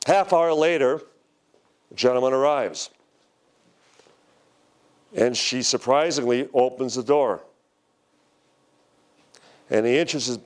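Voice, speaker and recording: An older man giving a conference talk, telling a story slowly and dramatically, quoting the people in it. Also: medium pitch. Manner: slow, dramatic storytelling with quoted voices. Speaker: speaker at a UFO conference. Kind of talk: storytelling lecture. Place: lecture hall.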